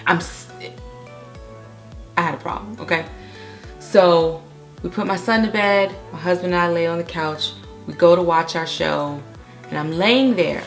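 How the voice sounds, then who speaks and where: A young woman in her living room, telling a story in a chatty, animated way and often checking in with "okay?". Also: on the low side, moderate pace, faint music behind. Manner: chatty, animated retelling with frequent "okay?" asides. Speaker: vlogger. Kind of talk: storytime vlog. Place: home living room, on a couch.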